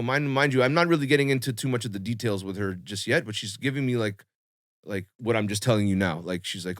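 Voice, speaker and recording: A young man telling a long personal story on a podcast in a casual, animated way, full of swearing and fillers. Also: on the low side, quick pace, no room sound, clean studio sound. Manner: animated, swearing, lots of fillers, acts out quotes.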